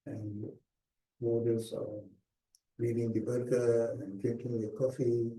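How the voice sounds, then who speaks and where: An older man recounting his own past in a slow, emphatic talk with hushed pauses, heard from a distance in an echoey lecture hall. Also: medium pitch, level tone. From South Africa. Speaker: guest speaker. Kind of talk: personal memoir talk.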